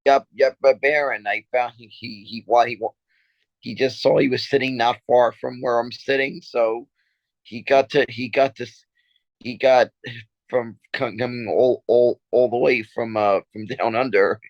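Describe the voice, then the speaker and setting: A man co-hosting a podcast, telling stories in a halting, rambling way with many repeated words and frequent laughs. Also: mid-range voice, fairly even intonation, no echo, muffled recording. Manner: laughs often while talking. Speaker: podcast co-host. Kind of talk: casual chat.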